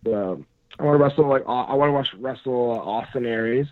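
A man, a pro wrestler, chatting casually on a podcast in a rambling, halting way full of fillers. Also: mid-range voice. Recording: dry, phone-like lo-fi sound.

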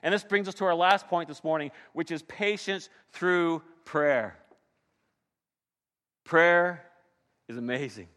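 A pastor preaching a sermon with dynamic delivery, swinging between soft and loud passages. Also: male voice, a little high, moderate pace, hardly any pauses, big-room sound.

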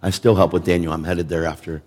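A man's voice: low voice, flat delivery, fast, darkish tone. A man preaching a sermon in an emphatic, conversational way, repeating words for emphasis. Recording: long reverb of a large hall.

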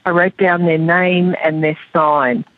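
A woman's voice: fairly low pitch, flat delivery, a little slow, no echo. A woman in her fifties with an Australian accent, chatting easily as a guest astrologer and laughing often. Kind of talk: casual interview. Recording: dry, tinny phone line.

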